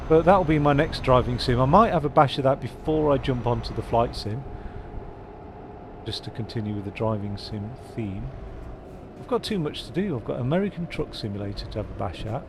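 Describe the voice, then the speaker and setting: A man's voice: mid-range voice, noisy background. A man rambling casually as he streams a truck-driving game, with self-mocking asides. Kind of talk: casual live-stream commentary.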